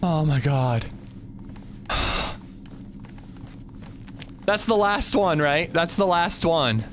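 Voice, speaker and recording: A man's voice: fairly high pitch, lively intonation, takes it slowly, pauses often, soft background music. A man streaming a game live, nervously talking himself through a tense climb. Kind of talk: live gameplay commentary.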